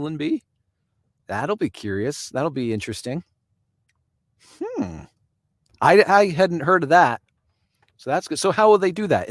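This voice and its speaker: A mid-pitched man from Canada hosts an informal live stream. He riffs on viewer comments in a relaxed, conversational way and laughs easily between thoughts. The sound is dry and close, with no room echo. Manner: conversational, chuckles often, answers viewers by name.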